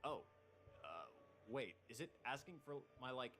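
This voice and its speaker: A man narrating a video in a lively, conversational way. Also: medium pitch, moderate pace. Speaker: video essayist. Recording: narration played over background music.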